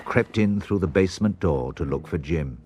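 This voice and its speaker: A man narrating a children's storybook in an expressive, measured way. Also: low voice, a little hiss or hum. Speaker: audiobook narrator.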